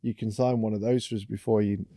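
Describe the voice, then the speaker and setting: A man's voice: fairly low pitch, flat delivery, fast, warm tone, no room sound, studio quality. A man hosting a podcast in casual chat, laid-back and swearing freely, with lots of encouraging backchannels. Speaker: podcast host.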